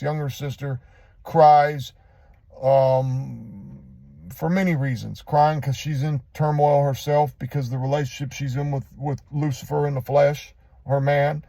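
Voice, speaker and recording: Guy with a dark mellow voice telling his own story, stops and restarts a lot, very dry sound. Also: medium pitch, no room sound. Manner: halting, rambling, with many restarts; earnest and confessional. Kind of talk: personal testimony monologue.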